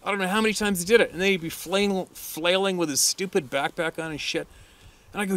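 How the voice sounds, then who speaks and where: Laughing hunting guide telling a story. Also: male voice, a little high, brisk. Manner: laughs often, crude and animated when quoting. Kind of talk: casual storytelling.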